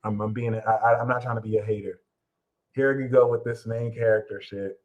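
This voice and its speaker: A man's voice: fairly low pitch, steady tone, fairly quick, darkish tone, low-quality recording. A man hosting his own astrology channel, talking in a rambling, profane and jokey way and circling back to the same catchphrases. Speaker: astrology reader and channel host. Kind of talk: casual astrology commentary.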